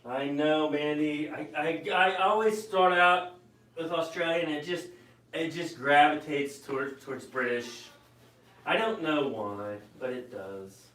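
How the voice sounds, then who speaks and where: A man's voice: fairly high pitch, measured pace, fairly bright tone. Male co-host, upbeat comment reader, echoey space, mic set back. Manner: reads comments aloud, chipper and enthusiastic. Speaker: co-host reading viewer comments. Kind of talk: live stream chat. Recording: echoey room, mic a bit far.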